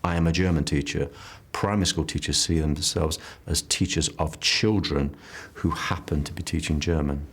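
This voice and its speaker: A man's voice: a bass voice, steady tone, normal speed, husky. A man who teaches German, speaking thoughtfully and a little hesitantly in an interview. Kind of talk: interview talk.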